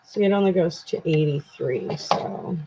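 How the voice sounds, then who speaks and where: A woman's voice: deep voice, measured pace, dark tone, a little hiss or hum. A tired woman from Canada hosting a casual true crime live stream, chatting with viewers in a self-deprecating way. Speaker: true crime channel host. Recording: dull lo-fi home stream audio.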